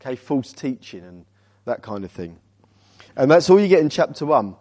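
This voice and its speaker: Speaking at a moderate pace in a medium-pitched, sing-song voice, a visiting male preacher addresses the congregation. Rhetorical questions drive his urging, and he swings from loud emphasis to soft, weighty lines.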